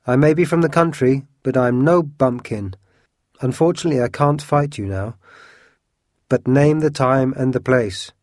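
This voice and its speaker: A man voicing a hot-headed young swordsman from the country, loud, quick and indignant. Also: mid-range voice, no echo, studio quality, lightly acted.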